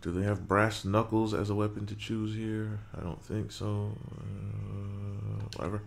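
Low gravelly man muttering over a game. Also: flat delivery, unhurried, a little hiss or hum. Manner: muttering to himself while working, mild swearing. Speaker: gaming creator. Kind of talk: casual game commentary.

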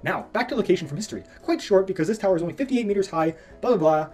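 A man's voice: sits high, expressive, rapid-fire, darkish tone, faint music behind. Sarcastic young man reading reviews. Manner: sarcastic, mock voices for reviews. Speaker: comedy reviewer.

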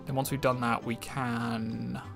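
A man's voice: medium pitch, little pitch movement, unhurried, gravelly, over music. A man casually commenting on a game as he plays, rambling with fillers and restarts. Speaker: streamer. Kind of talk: let's-play commentary.

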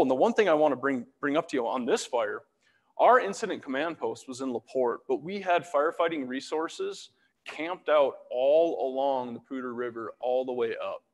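A man's voice: medium pitch, in a large hall. A man giving a casual public talk as a fire meteorologist, walking through slides with self-deprecating jokes. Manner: self-deprecating, joking asides.

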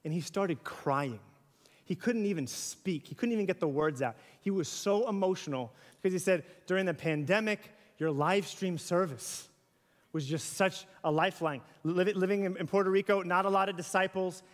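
A man preaches in a church, chatty and animated, tossing in playful asides. His voice sits high for a man. The sound rings with the long reverb of a large hall. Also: normal speed. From US South. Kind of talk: sermon. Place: church sanctuary.

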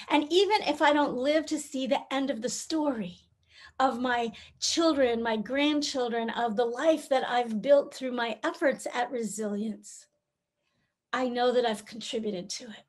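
A woman's voice: sits high, a little slow. A middle-aged woman giving a keynote talk, telling a story and acting out the voices in it. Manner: warm storytelling, acts out quoted voices. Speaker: keynote speaker. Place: virtual conference, recorded remotely.

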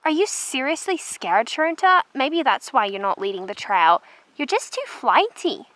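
A woman's voice: sits high, very animated, unhurried, a bit bright, exaggerated voice, poor audio. A woman voicing a level-headed, teasing mare at the front of the trail in a toy horse drama. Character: sensible mare who leads the trail.

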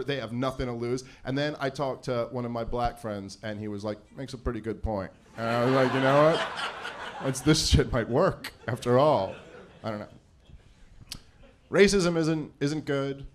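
A man in his thirties doing a rambling, self-deprecating stand-up comedy set on a live event stage. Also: medium pitch. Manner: rambling, self-deprecating, lots of fillers and acted-out quotes.

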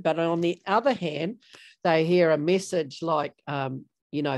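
Middle-aged New woman trainer, lowish voice. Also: unhurried, darkish tone. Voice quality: conversational, filler-heavy, acts out example replies. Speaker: workshop trainer. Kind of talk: online training talk. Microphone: video call.

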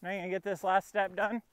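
Outdoors in a field, a man talks to and coaxes his puppy through training, narrating each step between commands for a casual vlog. His voice is high-pitched and a bit bright, recorded dry.

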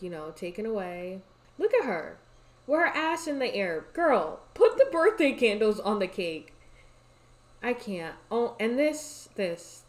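A young woman, giving casual gameplay commentary, talking to the characters on screen and exclaiming in exasperation. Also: mid-range voice. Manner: exasperated, talks to game characters, frequent exclamations. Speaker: gaming YouTuber.

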